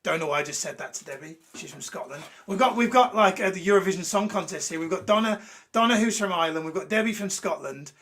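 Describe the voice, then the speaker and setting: Blunt, ranty man, high voice. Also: expressive, fast, a bit bright. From Birmingham, England. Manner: ranty and blunt, swears freely, jokey asides to viewers. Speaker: host of a motivational live show. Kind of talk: unscripted motivational talk to a live chat.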